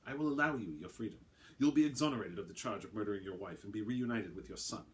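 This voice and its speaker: A cold, sneering military captain, voiced by a man reading a story, lower and quieter than the narration. He speaks in stiff, formal sentences. The tone is calm but contemptuous. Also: quick pace, natural voice.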